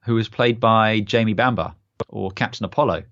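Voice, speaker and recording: A man's voice: fairly low pitch, normal speed, a bit bright, no echo, highs cut off. A young man co-hosting a podcast in casual chat, enthusiastic and rambling with many fillers. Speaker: podcast co-host.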